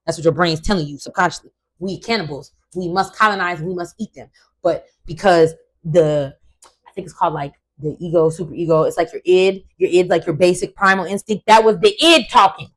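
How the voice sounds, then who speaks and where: Woman host going off on a rant, loud, swearing a lot, mid-pitched voice. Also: low-quality recording. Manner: emphatic, profane, animated. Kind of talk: casual commentary rant.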